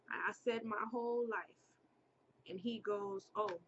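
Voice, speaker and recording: Slow-talking young woman telling a story. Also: dull audio, a little hiss or hum. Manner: animated, acts out quotes in a high voice. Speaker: vlogger. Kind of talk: casual storytelling.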